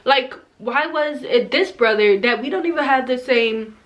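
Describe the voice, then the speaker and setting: A woman's voice: sits high, moderate pace. Chatty young woman telling a personal story. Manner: casual, heavy use of "like", emotional and tearful in places. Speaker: vlogger. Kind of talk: story time vlog.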